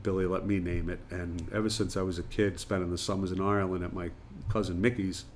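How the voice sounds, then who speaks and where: A man's voice: low-pitched, flat delivery, fast, slight background noise. A man being interviewed, a retired firefighter and pub owner, chatting through anecdotes with plenty of fillers. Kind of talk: casual storytelling interview.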